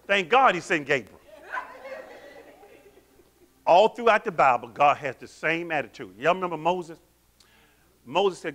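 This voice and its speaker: Man, pastor, sermon, bright forceful tone, call-and-response questions. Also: sits high, moderate pace, pauses often. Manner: animated, quizzes the congregation with call-and-response questions.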